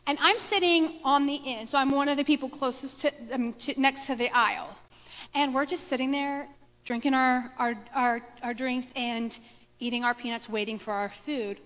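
Bright, high-voiced chatty woman storyteller. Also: normal speed. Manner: animated, chatty, self-mocking, acts out quotes. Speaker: speaker telling a personal story to a live audience. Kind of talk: storytelling talk. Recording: echoey hall with long reverb.

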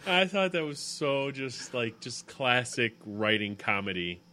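A man's voice: medium pitch, slow, pushed and bright, slight background noise. A man co-hosting a casual podcast chat, talking with enthusiasm. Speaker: podcast co-host.

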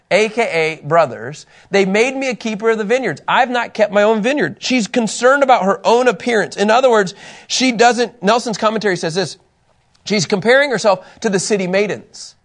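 Upbeat man with a higher voice teaching a Bible class and telling personal stories to the group. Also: moderate pace. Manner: animated, chatty, often laughing at himself.

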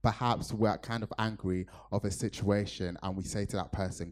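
Deep-voiced preacher from Nigeria. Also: male voice, fairly even intonation, normal speed. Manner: earnest storytelling with fillers. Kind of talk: sermon.

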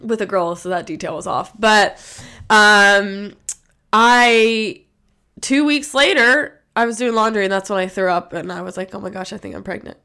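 Woman in her 30s, chatty podcast co-host, bright tone, congested from allergies. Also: medium pitch, a little slow, clear, resonant tone. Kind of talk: casual chat.

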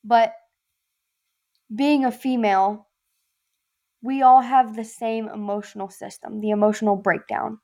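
A woman's voice: a little high, flat delivery, measured pace, pauses often, darkish tone. A woman with a Southern accent, a former Marine and podcast guest, talking bluntly and with lots of swearing in casual chat. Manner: blunt, profane, emphatic.

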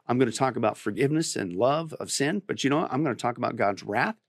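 A pastor in a talk interview, a man who speaks emphatically and climbs to forceful, insistent peaks. His voice sits at a middling pitch. The sound is dry and close. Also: lively intonation, fast, no room sound. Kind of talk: preaching on a podcast interview.

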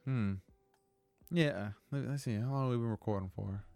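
A man's voice: mid-range voice, normal speed, vocal fry, darkish tone, no echo, soft background music. A young man hosting a casual solo podcast, rambling and venting with lots of swearing. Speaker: podcast host.

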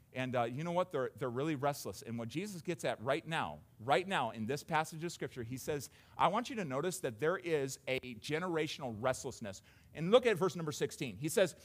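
A man with a notably high voice preaches a sermon to his congregation. He talks in a loose, conversational way, stumbling and repeating words as he goes. His delivery swings between quiet, low passages and raised, excited ones.

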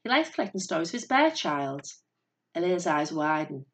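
A woman with a lowish voice narrates a fairy tale. Her delivery is steady and measured, like a storyteller reading aloud.

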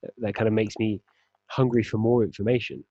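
A man co-hosting a casual podcast chat, laying out his argument in a measured way. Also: lowish voice, no echo. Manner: measured, arguing a point calmly. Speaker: podcast co-host. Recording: dull lo-fi sound, dry.

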